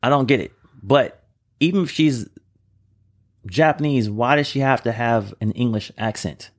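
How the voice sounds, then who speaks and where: A man's voice: medium pitch, normal speed. A man co-hosting a podcast, chatting casually and steering the conversation with rambling opinions. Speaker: podcast co-host. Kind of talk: casual chat.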